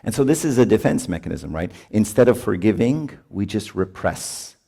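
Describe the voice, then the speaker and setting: A man's voice: lowish voice, lively intonation, moderate pace, creaky, dark tone, slightly rough. A man, a priest, giving a conversational talk at a marriage retreat, often adding "right?" and laughing as he speaks. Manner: chatty, often adds "right?", laughs while talking.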